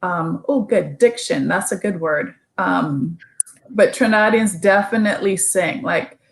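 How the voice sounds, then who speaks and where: A woman's voice: on the low side, a little slow, gravelly, low-quality recording. A woman from Barbados with a Barbadian accent, a guest chatting casually and explaining things with spoken examples. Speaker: guest, former Olympic swimmer. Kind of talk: casual chat.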